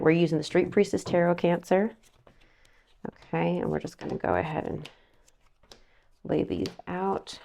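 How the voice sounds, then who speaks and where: Woman tarot reader, lowish voice, chatty asides, a bit breathless, casual vlog. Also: steady tone, moderate pace, creaky, long pauses, dark tone. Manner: chatty, rambling, self-interrupting with asides. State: slightly out of breath.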